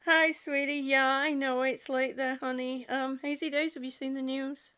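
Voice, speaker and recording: A woman's voice: high voice, flat delivery, moderate pace, bright, forceful tone. A woman at home chatting on a livestream, reading viewer comments aloud and laughing often. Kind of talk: casual livestream chat. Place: at home indoors.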